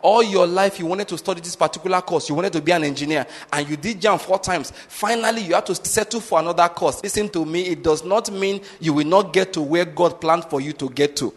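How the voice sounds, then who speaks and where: A male pastor preaching with insistent emphasis, often pausing to ask whether the congregation is following. His voice sits a little high for a man. The sound carries a long, hall-like reverb. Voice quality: emphatic, drives points home with repeated check-in questions. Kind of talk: sermon.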